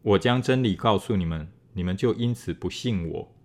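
Reading from scripture, a man speaks steadily and deliberately in a fairly low voice.

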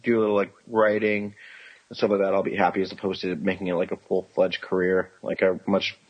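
A man's voice: sits low, little pitch movement, brisk, husky, dull audio. A man in his twenties telling rambling, profane stories as a podcast co-host, acting out the voices of people he quotes. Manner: rambling storytelling, heavy swearing, acts out quoted voices. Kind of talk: casual chat.

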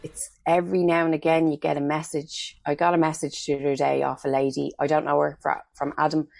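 A woman's voice: low voice, level tone, fairly quick, vocal fry, a little mellow, no room sound. A middle-aged Irish woman, a makeup artist, chatting as an interview guest and telling stories with acted-out quotes. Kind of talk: casual interview chat.

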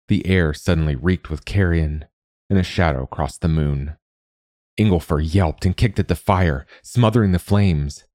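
Deep-voiced male storybook narrator. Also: normal speed, a little mellow, dry recording, studio quality.

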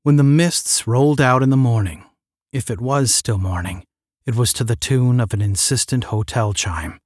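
A man narrating a science fiction audiobook in a steady, measured reading. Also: mid-range voice, dry recording, clean studio sound.

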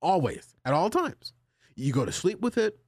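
Guy hosting a podcast, high voice that jumps all over, real dry close sound, jokey banter. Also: moderate pace, slightly rough, no echo. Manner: animated, jokey banter with co-hosts. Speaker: podcast host. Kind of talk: casual chat, reading a listener letter.

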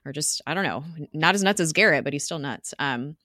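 A woman recapping a TV episode in casual chat, rambling and animated, laughing often. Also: deep voice, fairly quick, dry recording, clean studio sound. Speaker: podcast co-host recapping a TV episode.

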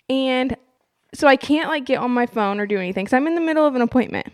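A young woman co-hosting a casual chat, animated and laughing often as she tells a story. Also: high-pitched, fast. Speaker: podcast co-host.

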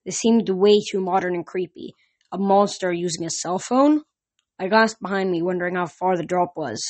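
A woman's voice: lowish voice, moderate pace, darkish tone. A woman reading a novel aloud, narrating in an unpolished way with frequent slips and restarts. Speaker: reader.

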